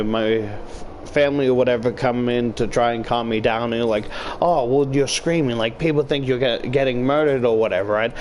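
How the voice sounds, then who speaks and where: A young man from Australia rambling in a casual gaming stream chat, swearing often and getting loud when worked up, talking into a desk mic at home. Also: medium pitch, a little hiss or hum. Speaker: YouTuber. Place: home room while gaming.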